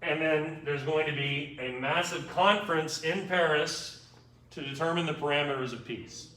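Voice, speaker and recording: A man's voice: fairly high pitch, normal speed, pushed and bright. A man giving an informal, wry history lecture to a class, checking in with his students as he goes. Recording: echoey room, mic far off.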